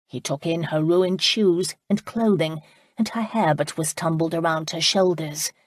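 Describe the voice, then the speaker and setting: Low, husky-voiced woman narrating. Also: a little slow, dry recording, studio quality. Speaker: audiobook narrator. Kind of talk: scripted narration.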